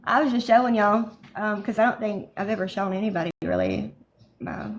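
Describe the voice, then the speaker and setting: A woman's voice: mid-range voice, wildly swooping pitch, a little fast, a little hiss or hum. A woman, proudly showing off her home in casual chat.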